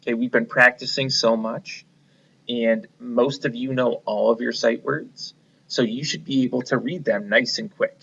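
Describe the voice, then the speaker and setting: A man's voice: medium pitch, fairly even intonation, gravelly, a bit bright, husky, muffled recording. A man teaching a reading lesson to young children, encouraging them and leading them step by step. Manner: slow, encouraging, leads the class step by step.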